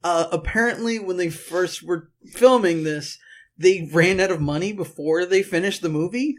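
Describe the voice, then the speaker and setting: A man in casual podcast chat about a film. His voice sits a bit high, and he hedges with fillers as he makes his point. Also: moderate pace. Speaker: podcast co-host.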